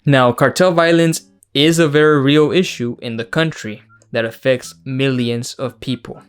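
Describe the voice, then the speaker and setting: A man delivers a scathing, foul-mouthed film review to his viewers. His voice sits at an ordinary middle pitch, and he keeps breaking into mocking laughter. Faint music plays behind him. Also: fairly even intonation, moderate pace, clean tone. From Mexico. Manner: blunt, profane, mocking, laughs often. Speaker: YouTube host. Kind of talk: casual film review rant.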